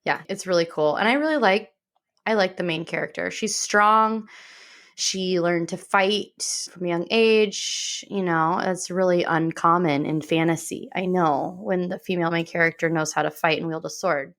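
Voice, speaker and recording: A woman's voice: fairly low pitch, steady tone, fairly bright tone. A woman co-hosting a podcast, chatting casually and eagerly about books she has read. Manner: chatty, enthusiastic, quick to joke. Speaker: podcast co-host. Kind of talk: casual book chat.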